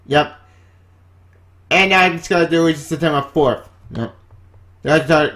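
A man hosting a vlog, ranting in exasperation and jumping between low mutters and sudden high outbursts. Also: a bit bright. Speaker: comic book vlogger.

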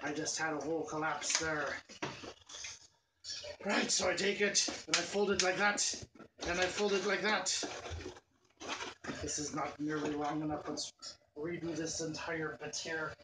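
A man's voice: a little high, fairly even intonation, measured pace, long pauses. A man making self-mocking, muttered asides while he fumbles with props behind the scenes. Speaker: video maker. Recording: echoey room, mic far off, noisy.

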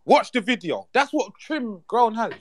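A man's voice: very high voice, very animated, unhurried, a loud crowd. A man co-hosting a casual banter show, roasting a guest with mocking insults. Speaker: co-host.

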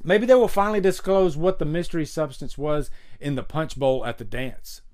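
A fairly high-voiced man talks loosely and excitedly on his live stream. He stumbles through fillers and restarts as he answers chat. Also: moderate pace. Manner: chatty and enthusiastic, many fillers and restarts. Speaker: host of a live stream show. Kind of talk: casual live stream chat, reading chat comments.

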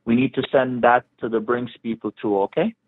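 A man's voice: mid-range voice, steady tone, a little fast, dry recording. Polite man on a tinny phone line. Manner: polite, reassuring, with hesitant fillers, keeps saying sir. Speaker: phone scammer.

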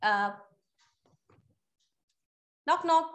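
A woman's voice: very high-pitched, expressive, drawn-out words. A woman teaching a live online phonics class to young children, encouraging and playful in a sing-song way.

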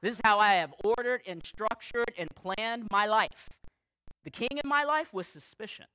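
A man preaching a sermon as pastor, telling candid stories with dry, self-deprecating humor and slowing down to stress key phrases. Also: high voice, sharp tone, no room sound, poor audio. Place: church service, recorded live.

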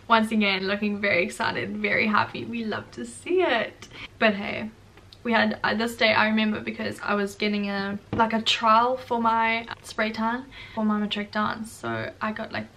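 A woman's voice: on the high side, a bit bright, distant mic. A young woman from South Africa with a South African accent, chatting casually and self-mockingly in a vlog, laughing often. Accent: South African English. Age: young adult. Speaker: vlogger.

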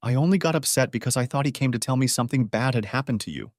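A man's voice: quick pace, no echo, natural voice. A man voicing a distraught jailed wife who pleads through tears, in a dry audio-book reading. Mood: pleading. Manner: tearful, pleading, raised pitch. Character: distraught wife in jail, sobbing, pleading woman.

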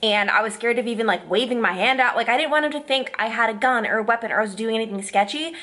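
A woman's voice: a little high, fast. A young woman in her twenties, a news reporter, talking casually and expressively to the camera in a vlog. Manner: chatty and expressive, with fillers like "like".

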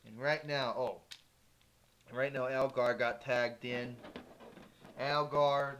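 Slow, stumbling amateur wrestling commentator. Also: male voice, medium pitch, background noise. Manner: stumbling, restarts words, gets excited. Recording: loud music behind the voice.

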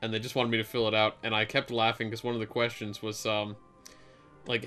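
A man's voice: fairly low pitch, flat delivery, a little fast, bright, forceful tone, soft background music. Rambling man narrating his gameplay. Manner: rambling, filler-heavy storytelling. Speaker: let's play host. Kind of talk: casual gameplay chat.

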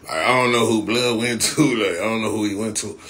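A man from Compton, California hosts a casual livestream, trash-talking in a rambling, repetitive way. His voice is on the low side and fairly bright, with a steady tone and brisk pace.

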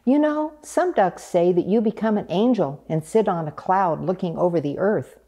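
A woman voicing a small, earnest, chatty female duck in a storybook reading, with a high, questioning voice. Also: expressive, normal speed, warm tone. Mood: excited.

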